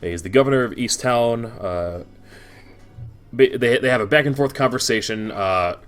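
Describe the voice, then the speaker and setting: A man's voice: mid-range voice, normal speed, smooth, faint music behind. A young man narrating a tabletop game as game master, rambling with many restarts and fillers.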